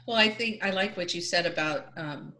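A woman's voice: on the low side, normal speed, sharp tone. An older woman on an online panel, speaking reflectively and conversationally over a video call. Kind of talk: casual panel discussion.

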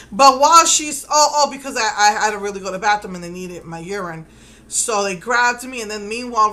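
A middle-aged mother tells stories in a casual personal vlog, quoting what people said and laughing nervously. Her voice is fairly high with a sharp tone, and the recording is rough.

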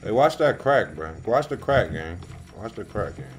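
A man's voice: moderate pace, slight background noise. A man streaming a game live, talking in slangy trash-talk to other players. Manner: slangy, trash-talking, bursts into high excited yelling. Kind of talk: live gameplay commentary.

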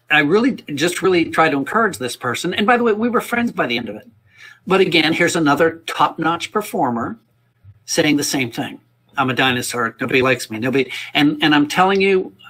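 A man's voice: on the high side, a bit bright, breathy edge. A man leading a music workshop, talking earnestly in a rambling, casual way, often repeating himself. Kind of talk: casual spoken workshop talk. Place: indoors, livestream.

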